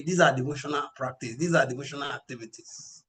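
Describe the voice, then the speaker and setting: A man preaching a scripture class, measured and emphatic, quoting verses. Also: a little high, fairly bright tone.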